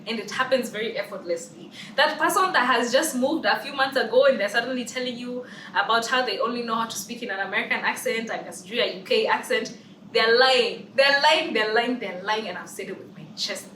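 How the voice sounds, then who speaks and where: A young woman with a Kenyan accent shares her opinions in a casual vlog, her voice sitting a little high. She is emphatic and repeats phrases for emphasis. The camera's own mic catches her from a distance in an echoey room, with a faint hum underneath. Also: a bit bright. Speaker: vlogger. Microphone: camera's built-in mic, no external mic.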